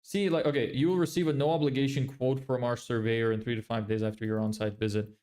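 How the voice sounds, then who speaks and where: This business vlogger talks fast in a warm, steady, mid-range voice while streaming his screen and bluntly picking websites apart under his breath. His relaxed accent is neutral and tends to be heard as American.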